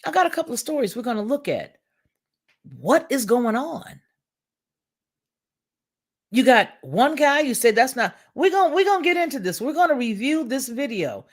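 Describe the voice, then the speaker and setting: A woman hosting a livestream commentary, speaking in with an emphatic, preachy, repetitive manner. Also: mid-range voice. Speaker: commentary channel host.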